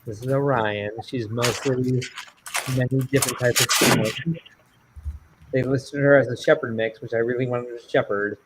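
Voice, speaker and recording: A man's voice: medium pitch, steady tone, moderate pace, background noise. A man co-hosting a hobby live stream from a video call, chatting casually with teasing banter. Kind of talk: casual chat.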